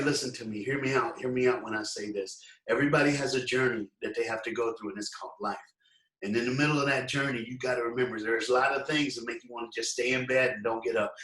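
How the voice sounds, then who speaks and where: Animated storytelling man, roomy distant sound. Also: medium pitch. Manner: animated storytelling, acts out quotes, talks straight to listeners. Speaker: motivational speaker. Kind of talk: motivational speech with storytelling.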